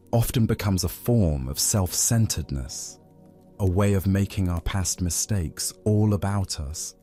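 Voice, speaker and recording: A man telling a Zen story as scripted narration for sleep, in a slow, soothing, even way. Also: sits low. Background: faint music.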